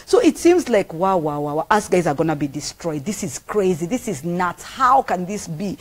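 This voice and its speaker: A woman's voice: fairly low pitch, very animated, moderate pace, few pauses, slightly rough. A middle-aged woman with a Kenyan accent preaching a sermon, earnest and emphatic, repeating phrases for weight. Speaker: pastor.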